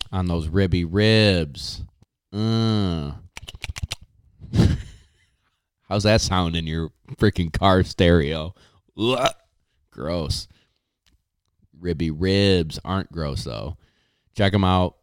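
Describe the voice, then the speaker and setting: A man hosting a casual podcast, reading sponsor spots in a hyped, slangy way with drawn-out catchphrases. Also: sits low, darkish tone, smooth, no room sound, clean studio sound. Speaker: podcast host.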